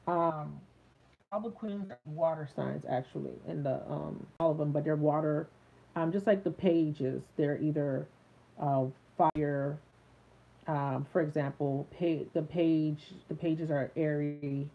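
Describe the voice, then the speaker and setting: A woman's voice: sits low, gravelly. A woman giving a live tarot reading to her viewers, chatty with many fillers, speaking into a phone set a little way off. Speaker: tarot reader. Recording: tinny phone-like sound.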